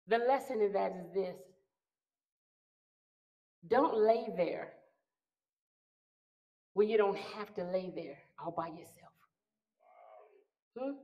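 A middle-aged woman pastor preaching a sermon, building to shouted declarations and prayers. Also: mid-range voice, low-quality recording.

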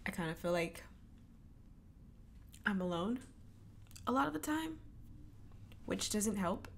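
A woman's voice: mid-range voice, lively intonation, slow, vocal fry, a little hiss or hum. A young woman chatting casually while doing her makeup, emotional and tearful, laughing nervously through it. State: crying. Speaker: beauty vlogger. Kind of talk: casual get-ready-with-me chat.

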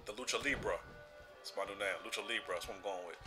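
Young dude doing let's play commentary, hyped and trash-talking, bright voice, faint music behind. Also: male voice, fairly low pitch, fast. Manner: excitable, trash-talking, laughs a lot. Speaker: gaming channel host. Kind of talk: casual gameplay commentary.

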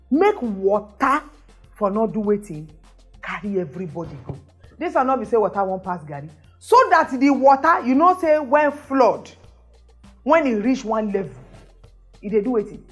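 Lively high-pitched Nigerian Pidgin woman. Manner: emphatic, exclamatory, rhetorical questions. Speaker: show host. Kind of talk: social commentary monologue.

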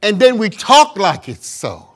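Animated, high-voiced male preacher. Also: measured pace. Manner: emphatic preaching with call-and-response asides; acts out quoted voices of doubters. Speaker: pastor. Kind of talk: sermon.

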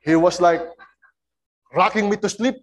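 A man preaching a sermon as a guest speaker, swinging between loud and soft and getting the congregation to join in. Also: sits high, fairly even intonation, measured pace.

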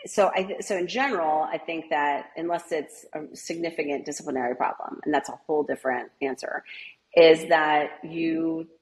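A woman's voice: low voice, rough recording. A middle-aged woman and author, talking casually in an interview and acting out bits of classroom dialogue. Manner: conversational, many fillers and quick asides. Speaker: author and educator guest.

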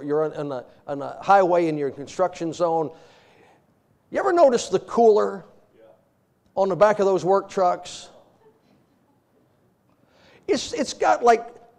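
His voice is high and gravelly as he preaches a sermon laced with humor. Quoting old-fashioned scripture, he tells everyday stories with animation and frequent laughter.

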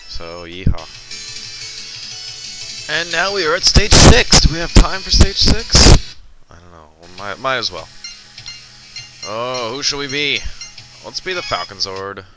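A young man giving casual, rambling commentary while playing a video game, swearing often as he loses, recorded on a boosted computer mic that crackles. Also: on the low side. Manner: rambling, profane, swears often when losing. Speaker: let's player. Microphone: boosted computer mic with crackling audio. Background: loud game music.

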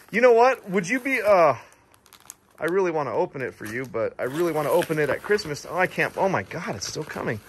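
A man hosting a casual vlog, opening a viewer's gift and reading her letter aloud, bursting into excited exclamations and stumbling over words as he reads. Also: fairly high pitch, a little fast, slightly rough. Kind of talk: casual chat to camera.

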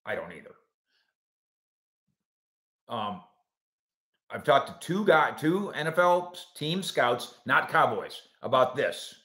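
A man hosts a live sports call-in show with a bright, lively voice that jumps around in pitch. He answers viewer comments with quick wisecracks. The sound bounces around an echoey room.

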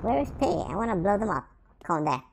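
A woman giving excitable let's-play commentary, playfully taunting the game characters as she plays. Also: medium pitch, quick pace, creaky. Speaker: gameplay commentator.

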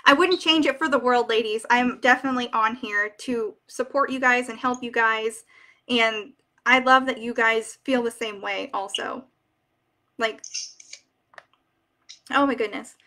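A woman's voice: fairly high pitch, steady tone, measured pace, long pauses, sharp tone. A young woman hosting a casual live stream, reading viewer comments aloud and chatting emotionally with many fillers. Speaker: wig shop ambassador hosting a live stream.

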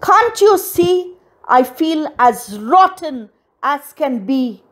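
A woman voicing a bratty young Cinderella who shouts her lines in a slow, emphatic recitation. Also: fairly high pitch. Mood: demanding.

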